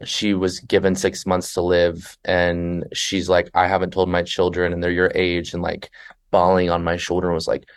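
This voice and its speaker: A man's voice: low voice, normal speed. A man talking as a podcast guest, animatedly telling stories and acting out the people in them. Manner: animated storyteller who acts out passengers and himself. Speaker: podcast guest, flight attendant. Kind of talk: conversational podcast interview.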